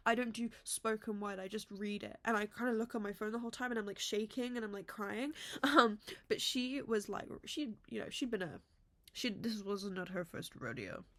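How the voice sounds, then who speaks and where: A young woman from England chats to camera at home in a casual vlog. Her voice sits a touch high, and she rambles through her stories, full of fillers. She keeps poking fun at herself and apologizing for being mean. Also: fairly bright tone. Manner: chatty, self-deprecating, rambling with many fillers. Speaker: vlogger. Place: home room.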